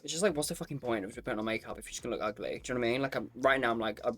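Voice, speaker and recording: A man's voice: mid-range voice, racing, over loud music. A man reviewing makeup to camera in a casual, campy and sassy way, swearing freely and calling the viewer "girl". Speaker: makeup vlogger.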